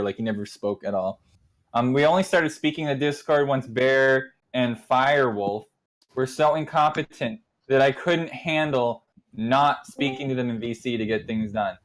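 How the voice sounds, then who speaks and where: A young man leads his online group through its history in a relaxed, rambling way. He keeps slipping into quick impressions of what everyone said, and his voice sits at an ordinary middle pitch. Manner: rambling, acts out quoted exchanges. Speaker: nation leader recounting community history. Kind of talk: casual storytelling to an online community.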